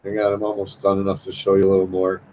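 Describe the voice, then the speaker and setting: A man's voice: low-pitched, completely flat delivery, fast talker, darkish tone, slight background noise, rough recording. A man chatting loosely on a live stream while he draws, rambling and repeating himself in a frustrated way. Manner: rambling, repetitive, frustrated, keeps saying "man". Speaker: live-stream host drawing.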